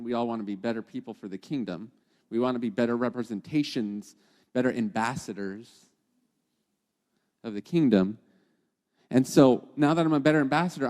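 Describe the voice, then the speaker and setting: A man of middle pitch gives a conversational devotional teaching, talking straight to his listeners and constantly checking in with quick questions. His voice trails off into a long, lingering reverb, as if he were in a big open room. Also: a little mellow. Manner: chatty, keeps checking in with "okay?" and "right?". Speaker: podcast host and teacher.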